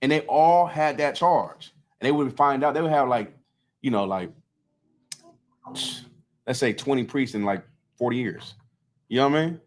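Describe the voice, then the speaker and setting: A man's voice: mid-range voice, moderate pace, long pauses. Chatty man leading scripture talk. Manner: loose and talkative, constantly checking in with listeners. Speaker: scripture teacher leading a study group. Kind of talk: conversational street-style scripture teaching.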